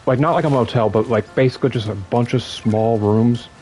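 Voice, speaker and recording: A man's voice: mid-range voice, fairly quick, a little hiss or hum, poor audio. A young man from the US telling a long story on a stream in a casual, rambling way, full of fillers. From United States. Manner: rambling, animated, lots of fillers.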